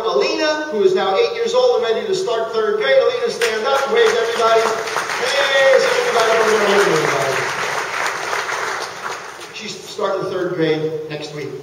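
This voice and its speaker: A man in his fifties with a New Jersey accent works a conference crowd like a showman, joking and animated, in a fairly high voice. He is heard from some distance in a large hall, with heavy echo and a long reverb tail. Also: background noise. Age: 50s. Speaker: motivational speaker at a network marketing event. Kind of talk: stage presentation. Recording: echoey hall, mic far off.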